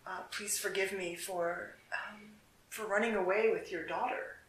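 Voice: mid-range voice, steady tone, unhurried, fairly bright tone, lightly acted. A storyteller voicing a young husband in a folk tale, earnest and apologetic. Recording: echoey room.

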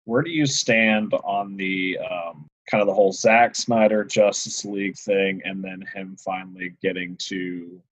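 A man's voice: sits low, fairly even intonation, a little slow, few pauses, no room sound. A man hosting a casual interview, asking long questions and often chiming in with short agreements. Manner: affirming, frequent short agreements. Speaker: interviewer, podcast host. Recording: dull, dry, lo-fi recording.

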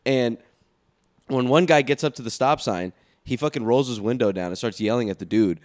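A man's voice: medium pitch, a little fast, a little mellow. A young man in casual, profane chat, telling stories and laughing.

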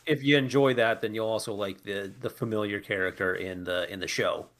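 A man's voice: lowish voice, fairly even intonation, a little fast, crowd noise. A man co-hosting a casual movie review chat, easygoing and chiming in with short remarks. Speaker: podcast co-host.

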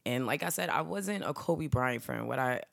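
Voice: mid-range voice, animated, normal speed, vocal fry, a bit bright, no room sound, studio quality. A podcast co-host telling a story in casual group chat, rambling with plenty of "um" and "like". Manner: rambling storytelling with frequent fillers.

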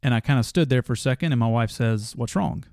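A man's voice: medium pitch, fast talker, a little mellow, clean tone, no room sound, clean studio sound. A man in his thirties hosting a motivational podcast, telling a family story in an earnest way that grows passionate. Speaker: podcast host.

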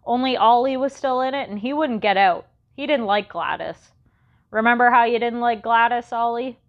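A woman voicing a rough, bossy older boy who talks blunt and pushy in an audiobook. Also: fairly high pitch, moderate pace, phone-quality sound, voice pushed up, close to an everyday voice.

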